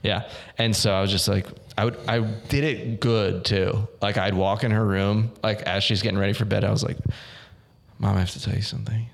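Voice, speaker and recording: A man's voice: lowish voice, little pitch movement, normal speed, creaky. Rambling, self-mocking young man chatting. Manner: rambling, self-mocking storyteller with frequent "like" and restarts. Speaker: podcast co-host. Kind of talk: casual chat.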